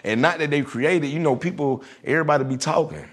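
A man telling a lively story in casual chat, acting out what others said. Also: fairly high pitch, fast talker. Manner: animated storyteller, acts out quotes. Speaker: guest.

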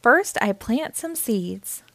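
A woman's voice: a little high, lively intonation, slow, gravelly, a bit bright, no room sound, exaggerated voice. A woman voicing a kindly old grandfather pig in a storybook, explaining plainly.

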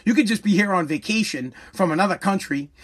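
A political commentator ranting with heavy profanity and sarcasm, swinging between loud mockery and a mock-calm hush. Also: mid-range voice, quick pace.

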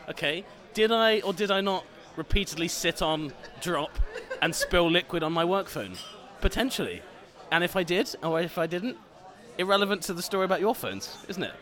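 A man's voice: high-pitched, animated, moderate pace, a bit bright. A man co-hosting a podcast from a bar, teasing his friends with laughing, mock-outraged banter. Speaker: podcast co-host. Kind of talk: casual banter.

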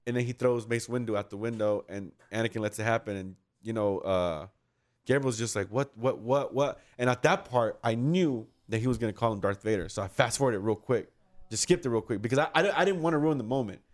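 A man's voice: fairly low pitch, a little fast. A man hosting a casual chat, telling a long, rambling story with frequent laughs and casual swearing.

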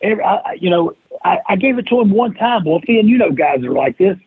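High-pitched and husky, the man speaks quickly as a guest on an interview podcast. He's an animated storyteller working through a long anecdote and acting out everyone's quoted words. The audio sounds tinny and phone-like, completely dry with no room sound.

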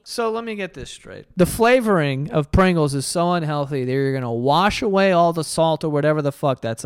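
A man's voice: sits high, no room sound. A man hosting a podcast in a casual, emphatic, blunt way, often swearing as he talks. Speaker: podcast host. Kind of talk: casual podcast chat and ad reads.

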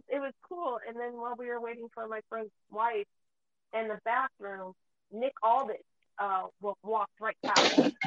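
Mom telling stories casually, swears a lot, sounds thin and phone-like, really dry. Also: female voice, a little high, steady tone, moderate pace, no room sound. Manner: chatty storyteller, swears freely. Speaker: podcast host and mother. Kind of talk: casual chat.

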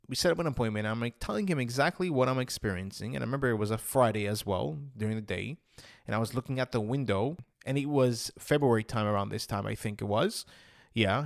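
A man's voice: mid-range voice, vocal fry, no echo, clean studio sound. A man telling his own story to camera in an earnest, emotional way, often acting out what he thought back then. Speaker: vlogger sharing his personal story. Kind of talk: personal storytelling monologue.

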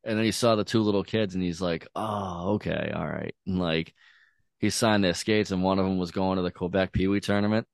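A man's voice: low voice, fairly even intonation, brisk, vocal fry, no room sound, clean studio sound. A man telling a laid-back story as a podcast host, swearing often and filling his talk with "like" and "dude". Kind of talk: casual storytelling chat.

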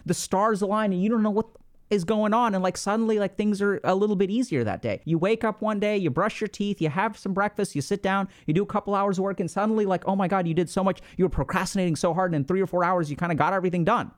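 A man hosting a podcast, explaining in a casual, animated way, often acting out inner voices and asking "right?". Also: high voice, fast. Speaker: podcast host.

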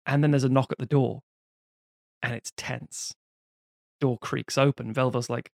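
A man's voice: mid-range voice, steady tone, measured pace, creaky, pauses often, no room sound, studio quality. A man co-hosting a podcast, chatting casually and animatedly with many restarts and swearing. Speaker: podcast co-host. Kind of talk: casual film discussion.

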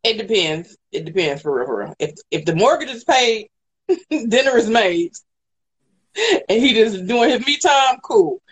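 A woman's voice: a little high, sing-song, unhurried, a little hiss or hum. A woman in casual chat, teasing and probing with questions and frequent laughs.

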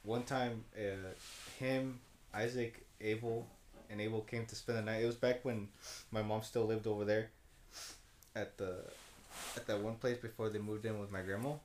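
A man's voice: lowish voice, moderate pace, slight background noise. A young man telling a drunk story as a podcast co-host, rambling and profane with many restarts. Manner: rambling and profane, restarts a lot, gets loud when excited. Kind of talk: casual chat, storytelling.

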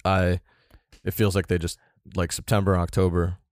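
A man's voice: low voice, little pitch movement, normal speed, a little mellow, dry recording, studio quality. A young man co-hosting a podcast, chatting loosely and swearing often. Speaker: podcast co-host. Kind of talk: casual chat.

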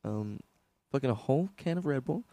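A man's voice: mid-range voice, lively intonation, a little fast, mellow, no echo. A young man co-hosting a comedy podcast, rambling through crude stories and laughing often. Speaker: podcast co-host. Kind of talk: casual chat. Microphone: studio microphone.

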